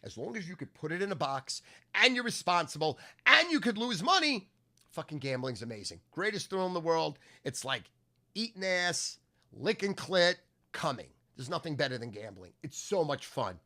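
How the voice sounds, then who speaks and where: Loud, crude man ranting in bursts. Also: sing-song, normal speed. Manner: loud, crude, swings between low grumbling and shouting. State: voice going hoarse. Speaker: sports handicapper and podcast host. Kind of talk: profane ranting monologue.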